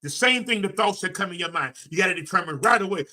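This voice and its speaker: A man delivers a motivational talk as a personal development coach. His voice sits a little high and rings bright and forceful. He preaches in a folksy, emphatic way, speaking straight to his listeners. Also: animated, fast.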